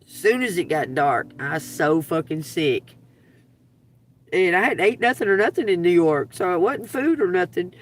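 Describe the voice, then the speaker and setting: A woman's voice: on the low side, normal speed, a little hiss or hum. A middle-aged woman with a Georgia accent, telling a rambling, profane story on a live stream. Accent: Southern US (Georgia). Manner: profane, animated, laughs through the story. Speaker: live-stream tarot reader. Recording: dry sound, distant from the mic.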